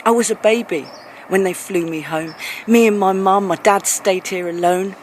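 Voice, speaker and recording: A woman's voice: medium pitch, fairly even intonation, moderate pace, slight background noise. A woman with a London accent performing a rhymed spoken-word rap in a playful, rhythmic delivery. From England. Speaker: performance poet.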